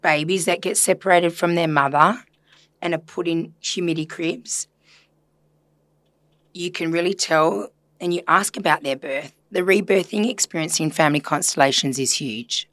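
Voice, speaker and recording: A woman's voice: on the low side, moderate pace, fairly bright tone, dry recording. A woman therapist talking earnestly and reflectively in a casual podcast conversation, chatty with filler words. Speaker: systemic therapist guest.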